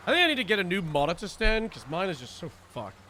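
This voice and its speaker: A man's voice: sits high, very animated, quick pace, bright, forceful tone, slight background noise. A young man streaming, chatting loosely between game radio calls, laughing and swearing. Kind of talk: casual chat over game radio.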